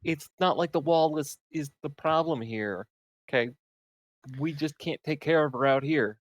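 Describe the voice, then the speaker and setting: A man's voice: a little high, measured pace, no room sound. A man playing a tabletop game, talking in character in a persuasive, joking way. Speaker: player.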